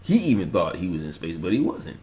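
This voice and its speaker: A man rambling through a casual vlog monologue, telling a story in an animated way, chuckling and trailing off while he searches for words. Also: sits low, fairly quick, slight background noise. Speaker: conspiracy vlogger.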